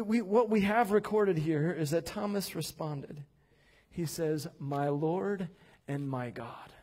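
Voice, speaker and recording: High-voiced animated male pastor preaching. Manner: animated, acts out quoted voices, rises to loud declarations. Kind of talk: sermon. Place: church sanctuary.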